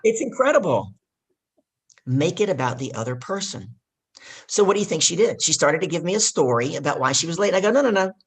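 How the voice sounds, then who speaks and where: Husky, emphatic woman coaching. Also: deep voice, very animated, fairly quick. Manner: emphatic storyteller, teaching tone. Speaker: guest, leadership coach. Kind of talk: casual interview talk.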